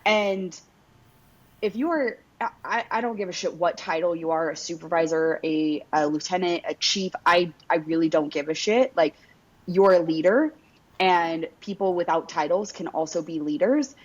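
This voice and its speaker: Husky, blunt woman podcast host. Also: on the low side, moderate pace. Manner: emphatic and blunt, swears, fills with "like" and "right?". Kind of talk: casual podcast conversation. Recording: dull lo-fi recording.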